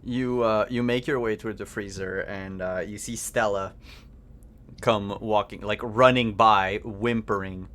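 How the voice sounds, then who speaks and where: Canadian man running a tabletop game. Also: lowish voice. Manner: relaxed, halting narration with fillers. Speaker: game master.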